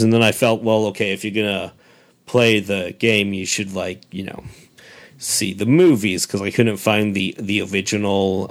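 A middle-aged man co-hosting a casual chat, rambling with lots of asides. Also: fairly low pitch. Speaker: co-host.

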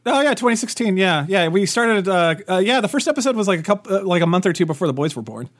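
A man co-hosting a podcast, chatting in a goofy, animated way and often trailing off and restarting. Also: high voice, fast talker. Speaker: podcast co-host. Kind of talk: casual chat.

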